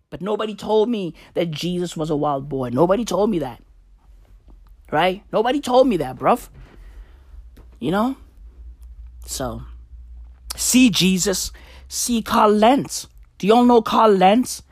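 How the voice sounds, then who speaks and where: A woman doing a profane, rambling stand-up monologue, now and then bursting into shouts. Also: mid-range voice, big pitch swings, takes it slowly, pauses often, dry recording, clean studio sound. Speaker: comedian.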